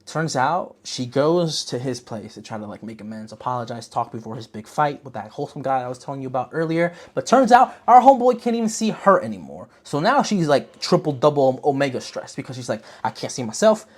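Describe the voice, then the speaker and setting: A podcast host chatting casually about a movie, slangy and rambling, telling the story in an animated way. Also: mid-range voice, a little fast, hardly any pauses. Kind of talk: casual movie review chat.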